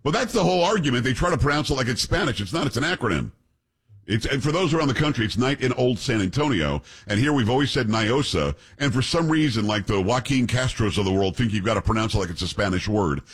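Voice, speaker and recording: Brief: middle-aged male talk-radio host, quick and lively delivery, slightly husky tone. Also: medium pitch. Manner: fast, animated storytelling with comic voices. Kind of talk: casual talk radio banter.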